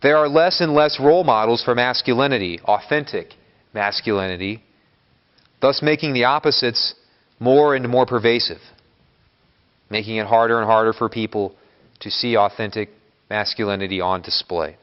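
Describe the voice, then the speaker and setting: A Catholic priest giving a homily in a church, speaking in a measured, emphatic way that builds lists of words. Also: male voice, mid-range voice. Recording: long church reverb, dull lo-fi sound.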